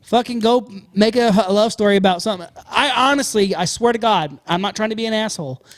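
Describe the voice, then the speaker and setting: A man with a fairly high voice talks bluntly on a casual podcast, rambling and swearing all the way through. The sound is dry and close, with no trace of the room. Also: quick pace, dry recording. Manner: animated, profane, blunt, rambling. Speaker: podcast co-host.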